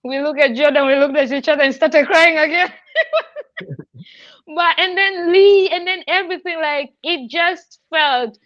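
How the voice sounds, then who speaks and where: A woman's voice: high voice, unhurried, fairly bright tone, no echo, highs cut off. A woman hosting a podcast, talking in an effusive, heartfelt way and laughing often. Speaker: podcast host. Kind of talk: emotional casual chat.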